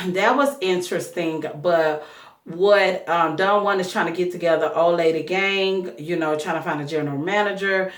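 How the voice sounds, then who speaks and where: A woman's voice: fairly low pitch, roomy sound, far from the mic. Chatty woman recapping reality TV. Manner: chatty, gossipy and candid. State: coughing, throat choked up. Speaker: reality TV reviewer. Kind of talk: casual recap vlog.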